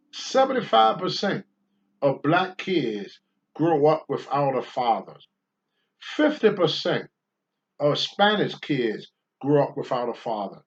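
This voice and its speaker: His voice is a little high and creaky. This older former pro wrestler appears as a talk-show guest, telling candid stories bluntly and with profanity, recorded with dull lo-fi sound.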